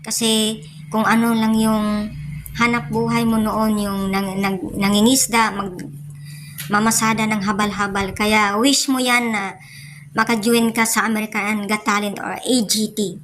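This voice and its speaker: A woman's voice: mid-range voice, little pitch movement, moderate pace, background noise. A woman from Dumaguete in the Philippines, a native Cebuano speaker, chatting to her viewers in a casual reaction vlog and calling them "guys" again and again. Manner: chatty, says "guys" in nearly every line, admiring. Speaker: vlogger reacting to a performance.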